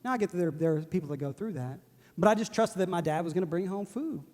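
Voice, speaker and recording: A man's voice: high voice, lively intonation, fast, a little mellow. A man, preaching a sermon in a joking, self-deprecating way and laughing often. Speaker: pastor. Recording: long hall reverb.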